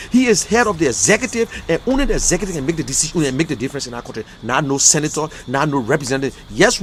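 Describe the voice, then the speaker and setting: A man with a Liberian English accent speaks in a high voice as an online show host. His delivery is impassioned and emotional, and he hammers points home by repeating words. A faint hiss runs under the recording. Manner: emotional, fiery, repetitive outbursts. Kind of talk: impassioned livestream commentary.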